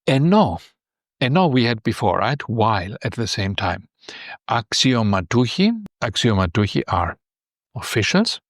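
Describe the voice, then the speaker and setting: A man's voice: medium pitch, very animated, measured pace, dry recording, studio quality. A man teaching Greek vocabulary from a news text, explaining words patiently and often checking with "right?".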